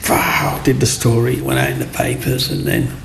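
A middle-aged man, telling his life story in an interview in a chatty, animated way. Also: mid-range voice, fairly quick, gravelly, slight background noise. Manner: chatty, animated, acts out voices in anecdotes. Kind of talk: personal storytelling.

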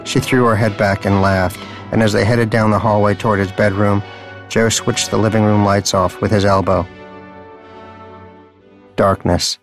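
A man reading a story aloud in a dry, deadpan narrating style. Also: on the low side, normal speed, faint music behind. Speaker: audiobook narrator. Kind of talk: scripted narration.

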